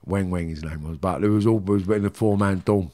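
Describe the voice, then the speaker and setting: A man's voice: low-pitched, fairly quick, warm tone. A middle-aged man with a Cockney accent, bluntly recounting his past in a rambling interview. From London, England. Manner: blunt, rambling, frequent "do you know what I mean". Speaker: guest. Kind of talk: candid interview storytelling.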